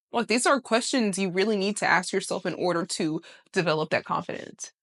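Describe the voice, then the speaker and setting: A woman in her twenties giving casual motivational talk to camera, emphatic and animated, swearing casually and laughing often. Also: medium pitch, a little fast, few pauses. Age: 20s. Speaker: vlogger.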